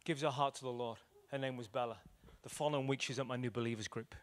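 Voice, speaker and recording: A male evangelist preaching a sermon, telling stories with acted quotes and swinging between loud declarations and hushed moments. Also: medium pitch, steady tone, fast talker. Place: church hall.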